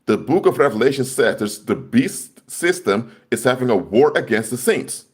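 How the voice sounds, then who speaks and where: A man's voice: medium pitch, lively intonation, normal speed. A man preaching on a live stream in an impassioned way, hammering home points by repeating phrases. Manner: emphatic, repeats key phrases for force.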